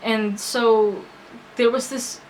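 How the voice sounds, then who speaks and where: Earnest young woman vlogging, halting. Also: a little high, steady tone, slight background noise, low-quality recording. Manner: hesitant, full of fillers and restarts; earnest and emotional. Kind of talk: personal storytelling to camera.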